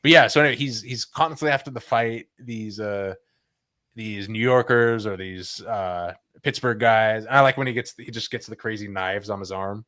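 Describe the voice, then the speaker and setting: A man's voice: on the low side, moderate pace, a bit bright, dry recording, clean studio sound. A man in a loose podcast chat, rambling through stories and peppering them with slang. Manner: loose, rambling, says "dude" and "like" often. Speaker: podcast host. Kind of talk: casual chat.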